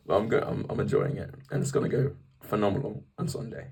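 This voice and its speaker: A man's voice: fairly low pitch, fast, gravelly, hardly any pauses, slightly rough, distant mic. A young English man in a casual, rambling vlog about faith, often restarting his sentences. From England. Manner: rambling, animated, self-interrupting. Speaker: vlogger. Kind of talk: casual faith talk to camera.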